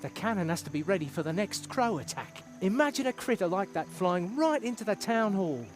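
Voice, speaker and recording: Tired grumpy guard critter from a game, kinda high voice, sleepy and whiny, faint music under it. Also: male voice, sing-song, fairly quick. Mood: weary. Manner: drowsy, complaining, sudden sharp outbursts. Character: weary male animal town guard, overworked and grumpy. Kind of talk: video game dialogue.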